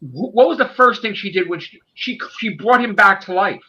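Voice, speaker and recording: A man's voice: high-pitched, lively intonation, normal speed, pushed and bright. A man casually discussing a movie on a podcast in a ranting, profane and emphatic way. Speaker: podcast host. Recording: dull lo-fi sound.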